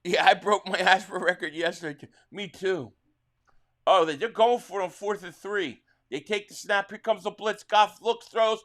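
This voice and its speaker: A man hosting a live sports reaction stream, calling plays excitedly and answering chat, his voice a little worn. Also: high-pitched, moderate pace. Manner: excitable play-by-play calling, reading viewer chat. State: slightly losing his voice.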